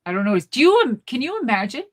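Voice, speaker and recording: A woman co-hosting a live show, telling a rambling, animated family story in casual chat. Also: a little high, quick pace. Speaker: co-host.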